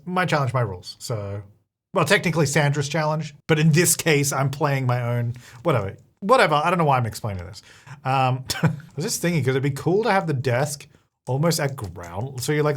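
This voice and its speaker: A young man giving casual commentary while he builds in a game, chatty and thinking aloud, often correcting himself mid-sentence. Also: on the high side. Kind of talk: casual play-along commentary.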